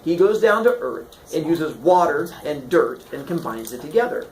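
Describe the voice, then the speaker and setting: Animated joking male teacher in an echoey room. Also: fairly high pitch, moderate pace, slight background noise. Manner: animated, jokey, puts on voices for characters. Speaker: teacher telling myths to students. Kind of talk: comic storytelling lesson.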